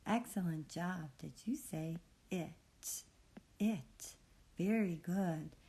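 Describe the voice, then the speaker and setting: A woman leads a phonics reading lesson, patiently sounding out words and praising the learner softly and encouragingly. Her voice is on the low side, and she goes at a slow pace.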